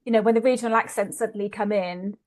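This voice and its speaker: A woman's voice: mid-range voice, steady tone, fast, darkish tone. A woman with a Bristolian accent hosting a casual podcast interview, encouraging and hesitant with fillers. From Bristol, England. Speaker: podcast host.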